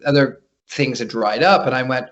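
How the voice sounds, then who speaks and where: A man being interviewed as a psychic guest, telling stories in an animated way and often repeating his first words. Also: mid-range voice, moderate pace. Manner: animated, repeats words when starting sentences. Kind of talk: casual storytelling interview. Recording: dull lo-fi podcast audio.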